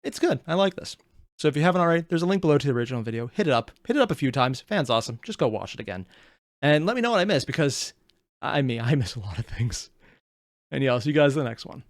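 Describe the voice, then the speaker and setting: A man hosting a reaction channel, rambling casually and thinking out loud as he comments. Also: medium pitch, lively intonation, fast, no echo, clean studio sound. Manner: rambling, thinks aloud with restarts.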